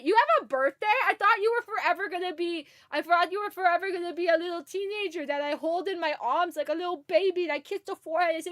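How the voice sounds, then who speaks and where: A woman streams live and chats nonstop with her viewers, excitable and quick to greet each one. Her voice sits very high and sounds bright and ringing. It is close to the mic and completely dry. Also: dry recording. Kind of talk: casual live-stream chat.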